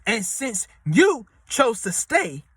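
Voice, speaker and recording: Bright-voiced man giving slangy relationship advice. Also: wildly swooping pitch, takes it slowly, slightly rough, no echo. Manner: slangy, repetitive, street-talk delivery; acts out quoted voices in a high pitch. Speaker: advice vlogger. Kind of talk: casual advice monologue.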